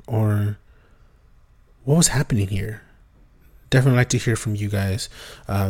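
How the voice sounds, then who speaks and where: A man's voice: fairly low pitch, darkish tone. A man hosting a podcast, telling a spooky story in a loose, rambling way with many fillers and restarts. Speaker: podcast host. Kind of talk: casual storytelling.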